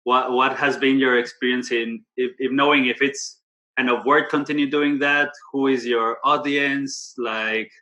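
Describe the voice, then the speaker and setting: A man's voice: mid-range voice, steady tone, unhurried, sharp tone, highs cut off. A man in the audience asking a question, stopping and rephrasing as he searches for the right words. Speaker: audience member.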